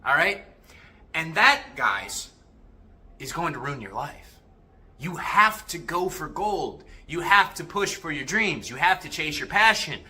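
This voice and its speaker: A man's voice: fairly high pitch, very animated, unhurried, sharp tone. A young man on a livestream giving a profane, aggressive, confrontational motivational rant as coach and host.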